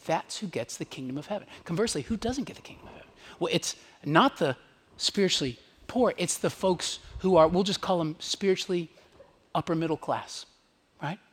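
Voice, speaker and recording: Husky guy preaching to his church, fairly high voice, talks it through casually then hushes for the big points. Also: brisk. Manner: conversational, emphatic, drops to hushed whispers on key lines. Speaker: pastor. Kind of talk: sermon. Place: church in front of a congregation.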